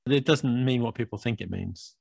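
A man's voice: mid-range voice, moderate pace, vocal fry, husky, no echo, clean studio sound. A British man co-hosting a podcast, chatting casually and joking, often laughing as he explains words. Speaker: podcast co-host. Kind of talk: casual chat.

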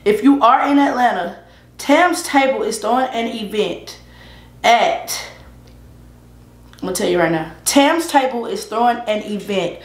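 In an echoey room, a mukbang vlogger talks while she eats, her voice on the high side and a little slow. The host keeps the chat loose and casual at her indoor eating setup, frequently saying things more than once.

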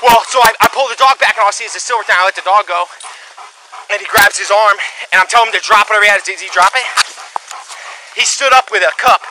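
A man, a police dog handler talking outdoors at night on a body camera, out of breath. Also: quick pace. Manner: shouts high praise at his dog. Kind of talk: bodycam field talk. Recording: noisy body camera audio.

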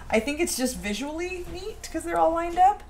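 A woman's voice: extremely high pitch, expressive, moderate pace, a little mellow, a little hiss or hum. A woman hosting a casual home baking live stream, chatting and reading out viewer comments. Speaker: baking show host. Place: home kitchen.

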